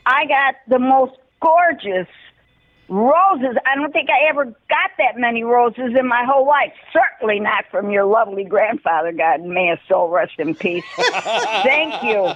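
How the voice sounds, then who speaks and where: An elderly woman in her eighties with a Chicago accent gushes on a muffled voicemail. Her voice swings widely in pitch, and she talks slowly, cursing in delight between her thanks. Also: animated. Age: 80s. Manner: effusive, swears in delight. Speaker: grandmother leaving a voicemail. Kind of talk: voicemail message.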